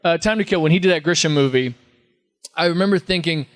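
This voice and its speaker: Chatty storytelling man, higher voice. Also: quick pace, fairly bright tone. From Texas. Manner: rambling storyteller, slips into impressions and laughs. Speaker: convention panel guest. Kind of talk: casual anecdotal Q&A.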